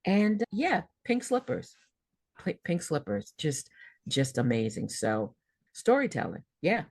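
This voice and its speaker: Podcast guest, woman, expressive storyteller; deep voice, very animated pitch. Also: slow pace, vocal fry, breathy edge, no room sound, clean studio sound. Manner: vivid, expressive storytelling with repeated words. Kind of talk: personal storytelling in a podcast interview.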